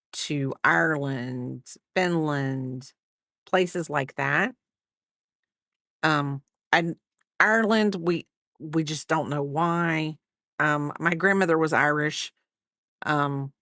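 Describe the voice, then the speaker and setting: A woman's voice: low voice, a bit bright, no echo. A middle-aged American woman talks unhurriedly on a crochet livestream, drifting from topic to topic as she answers chat. Her voice is recorded dry and close, with no room sound around it. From United States. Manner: rambling, chatty, answers chat between stitches. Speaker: livestreamer crafter.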